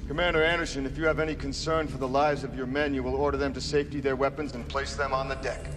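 An actor playing a ruthless renegade general who gives commands and shouts them down in a film scene. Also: male voice, medium pitch, level tone, fast talker, music in the background, natural voice. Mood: stern, threatening. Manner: barked orders, rising to furious shouts. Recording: film clip with loud score behind.

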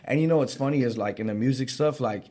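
A man who is a guest musician, chatting on a podcast from a studio. He tells stories in an animated way, swears freely and laughs often. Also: mid-range voice, quick pace. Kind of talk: casual podcast chat.

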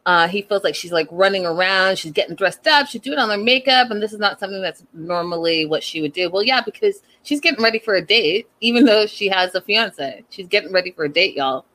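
A woman recapping a reality show in casual, gossipy commentary, animated and incredulous. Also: medium pitch, a little fast, few pauses, poor audio.

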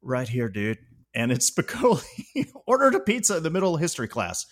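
A man's voice: sits high, very animated, a little fast. Man chuckling through a movie recap. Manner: laughs often while retelling scenes. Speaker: podcast co-host. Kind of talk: casual movie discussion.

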